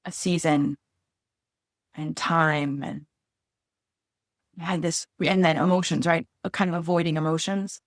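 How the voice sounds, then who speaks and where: A woman's voice: low-pitched, steady tone, measured pace, long pauses, dry recording, clean studio sound. Candid, emotional woman podcast host. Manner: candid, openly emotional, searching for words. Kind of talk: casual heartfelt chat.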